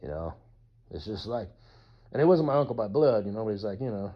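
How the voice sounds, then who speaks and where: A man's voice: on the low side, expressive, fairly quick, pauses often. A man talking in a casual rambling monologue as a YouTuber, profane and full of whooping asides, on slightly dull lo-fi audio.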